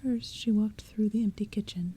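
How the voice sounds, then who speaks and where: A woman in whispered role-play reads a storybook in a slow, hushed, breathy whisper. Her tone is very dark and mellow. Faint rain and soft thunder murmur behind her. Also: medium pitch, steady tone, slight background noise. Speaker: ASMR audiobook reader.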